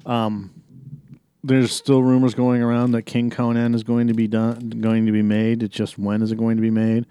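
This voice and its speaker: A man's voice: medium pitch, completely flat delivery, normal speed, dark tone, clear, resonant tone, no room sound. Rambling, profane male podcast host. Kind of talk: casual podcast film review.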